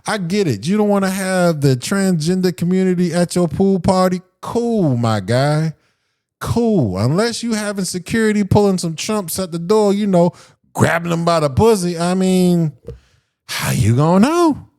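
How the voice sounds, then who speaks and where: Profane ranting podcast host, lively pitch. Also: male voice, moderate pace. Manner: animated, profane, ranting with mocking quoted voices. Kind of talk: solo podcast rant.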